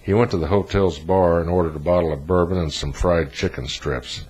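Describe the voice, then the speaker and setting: A man reading a novel aloud as narrator in a flat, even delivery. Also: low-pitched, a little fast, slightly rough, rough recording. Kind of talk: audiobook narration.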